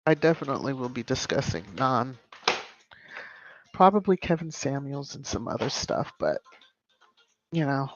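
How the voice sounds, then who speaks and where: A woman's voice: very deep voice, big pitch swings, normal speed, long pauses, dull audio, noisy background. Chatty woman live-streaming. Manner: chatty, greets viewers by name, emphatic asides. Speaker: YouTube live-stream host. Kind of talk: casual live-stream chat reading comments.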